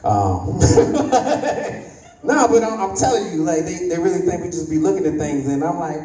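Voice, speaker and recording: A man's voice: high voice, sing-song, unhurried, crowd noise. A man in his thirties doing a stand-up comedy set, acting out voices and laughing at his own jokes. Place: comedy club stage. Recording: echoey room, voice slightly distant.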